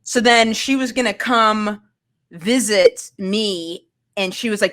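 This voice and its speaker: A woman's voice: medium pitch, normal speed, fairly bright tone. Woman from Maine, 30s, candid, rambling storyteller, casual chat. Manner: candid, rambling with many fillers and restarts. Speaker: guest.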